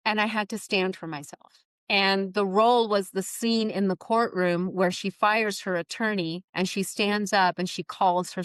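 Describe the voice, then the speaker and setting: Middle-aged woman as an interview guest, animated storyteller who acts out quoted voices, mid pitch, dry sound. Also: dry recording.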